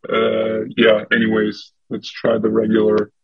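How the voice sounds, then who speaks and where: Man, hesitant, slow, husky, flat delivery, video call, dry lo-fi sound. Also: on the low side, dry recording. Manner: hesitant, halting. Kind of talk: casual chat.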